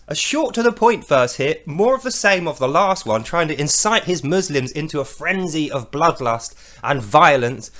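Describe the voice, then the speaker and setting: High, animated sarcastic male podcaster. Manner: sarcastic, swears freely, slips into loud mock voices. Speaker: podcast host reading and commenting on scripture. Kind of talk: mocking commentary on a reading.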